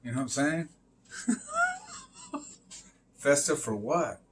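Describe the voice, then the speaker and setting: A man's voice: a little high, huge pitch swings, slow, fairly bright tone, slight background noise. A man rambling through a casual monologue on a live stream, full of fillers, swearing and emphatic interjections.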